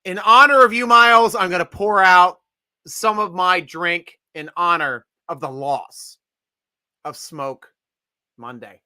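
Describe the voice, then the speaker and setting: A man's voice: high-pitched, slow pace, sharp tone, clear, resonant tone, no echo. A man hosting a casual sports draft show, joking and rambling, laughing often. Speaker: podcast host.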